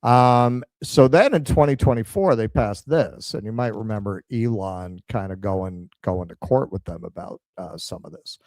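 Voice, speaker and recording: A man's voice: lowish voice, darkish tone, no room sound. A man co-hosting a political stream, reading headlines aloud and adding sardonic comments. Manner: sardonic, reads headlines in a slower measured tone. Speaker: political show co-host.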